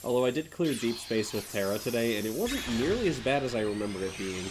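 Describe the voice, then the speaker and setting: A man's voice: medium pitch, big pitch swings, background noise. A man co-hosting a casual gaming livestream, chatty and joking. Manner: chatty, quick musings and jokes. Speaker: stream co-host. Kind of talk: casual gaming stream chat.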